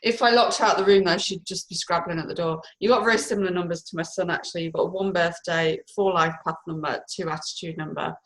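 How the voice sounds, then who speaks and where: A woman's voice: lowish voice, fairly even intonation, fast, hardly any pauses. A woman co-hosting a live stream, reading out numerology numbers, apologetic and giggly. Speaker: numerology co-host.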